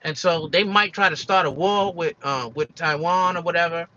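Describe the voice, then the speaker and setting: Man, vlog monologue, emphatic and repetitive, sharp bright voice, slightly muffled lo-fi recording. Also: fairly high pitch, normal speed, a little hiss or hum. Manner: emphatic and repetitive, with many fillers and restarts. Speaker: commentary vlogger. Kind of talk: casual opinion monologue.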